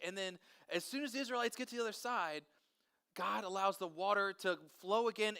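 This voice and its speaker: A man leading a children's Bible story, energetic, playful and chatty with the kids. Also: sits high, smooth. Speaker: children's pastor.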